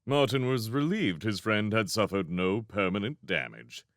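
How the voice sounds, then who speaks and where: A man reading a children's fantasy novel aloud as narrator, in an expressive storybook style. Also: on the low side, moderate pace, hardly any pauses, no echo, clean studio sound. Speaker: fan audiobook reader.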